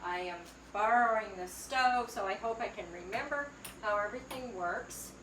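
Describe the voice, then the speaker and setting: A woman's voice: mid-range voice, normal speed, fairly bright tone, a little hiss or hum. Chatty Southern woman cooking at the stove. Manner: chatty, homey, talks while stirring and cooking. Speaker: cooking channel host. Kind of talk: casual cooking demonstration. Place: borrowed home kitchen, indoors. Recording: echoey kitchen, distant mic, sizzling pan. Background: frying and sizzling from the stove.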